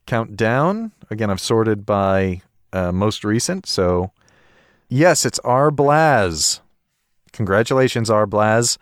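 A man's voice: fairly low pitch, clear, resonant tone, no echo, studio quality. A man co-hosting a podcast in a casual chatty way, laughing often and poking fun at himself. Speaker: podcast co-host.

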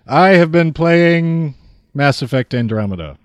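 A man's voice: fairly high pitch, expressive, measured pace, clear, resonant tone, dry recording. A man co-hosting a podcast in casual chat, dry and matter-of-fact. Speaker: podcast co-host. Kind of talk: casual chat about card and video games.

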